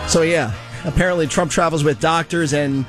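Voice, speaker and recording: A man's voice: on the high side, normal speed, soft background music. Sarcastic man hosting casual commentary. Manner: sarcastic, loose and chatty. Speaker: host of a political commentary show.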